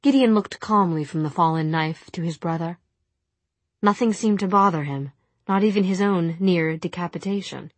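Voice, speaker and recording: A woman narrating a novel as an audiobook, with a steady, expressive reading. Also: fairly low pitch, normal speed, dry recording.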